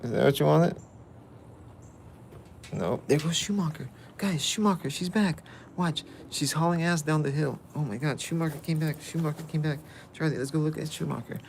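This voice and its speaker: A man's voice: fairly high pitch, normal speed, creaky, slight background noise. A man casually vlogging outdoors, playfully chatting with and about a dog. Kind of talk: casual vlog chat.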